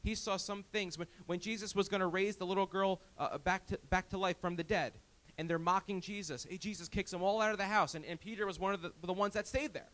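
A pastor preaching a sermon, emphatic and animated, often restarting his words as he retells a Bible story. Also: sits high, brisk.

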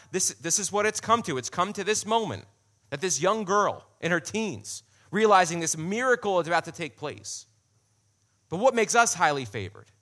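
A man's voice: a little high, bright, forceful tone. A man preaching a sermon in a conversational way, repeating key phrases for emphasis.

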